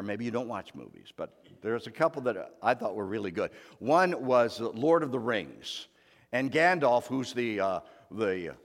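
Male pastor, dramatic storyteller, sermon in a reverberant church hall. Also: fairly low pitch. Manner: dramatic storytelling, shifting from loud to hushed.

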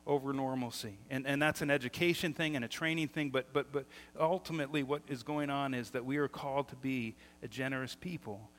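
A middle-aged man preaching a sermon as pastor, telling stories with lively energy and often repeating words as he starts sentences. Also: medium pitch, a little fast, few pauses. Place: church sanctuary. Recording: long hall reverb.

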